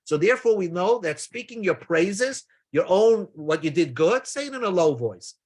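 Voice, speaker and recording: A man's voice: sits high, very animated, moderate pace. A man giving a daily Talmud lesson, explaining step by step with casual asides and freely mixing in Hebrew and Aramaic terms. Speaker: Talmud teacher.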